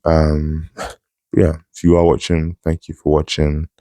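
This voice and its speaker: A young man, talking casually and low-key in a monotone to camera for his own vlog. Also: measured pace, no echo. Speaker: channel host. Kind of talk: casual solo vlog chat.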